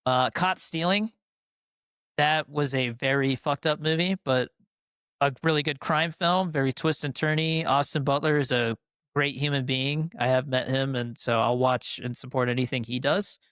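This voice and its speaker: A young adult man co-hosts a podcast, chatting casually and enthusiastically about his favorite films in a rambling way packed with fillers. His voice is medium-pitched and steady, a bit bright, clear and resonant, delivered at a moderate pace. The recording is studio quality with no room sound.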